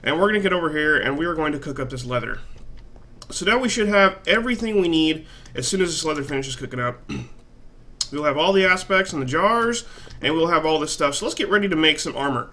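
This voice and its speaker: Man, let's-play commentary, rambling, swears a lot, bright tense tone, desk mic. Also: fairly high pitch, lively intonation, fast. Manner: rambling, profane, self-mocking. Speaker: gaming channel host.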